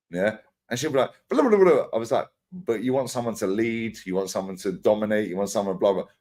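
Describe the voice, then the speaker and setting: A man in casual podcast chat, telling animated stories full of slang and swearing and acting out what others said. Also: medium pitch. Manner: animated storytelling, acts out quotes, swears freely, lots of slang. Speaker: podcast co-host.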